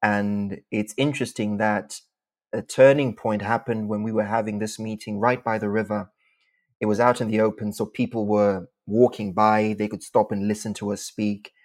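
Low-voiced man telling his story. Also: level tone. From Zimbabwe. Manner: measured, articulate, formal phrasing. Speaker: guest, speech contest champion. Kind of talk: storytelling interview answers.

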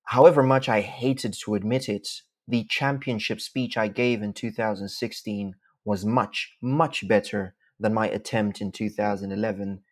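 This speaker, a speech contest champion from Zimbabwe, responds to an interviewer with careful, well-spoken and formal language. His pitch runs on the low side and his tone stays steady.

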